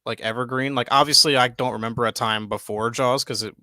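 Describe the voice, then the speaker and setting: A young man co-hosting a podcast, chatting loosely and excitedly, swearing freely and filling with "like" and "dude". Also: medium pitch, a little fast, no room sound. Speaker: podcast co-host. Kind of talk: casual chat. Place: home studio, live stream.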